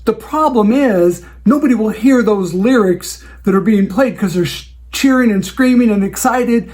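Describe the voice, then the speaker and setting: A man's voice: sits high, moderate pace, a little mellow. A man who hosts a show for wedding DJs, talking through client advice in a casual, conversational way and acting out the dialogue he has with clients.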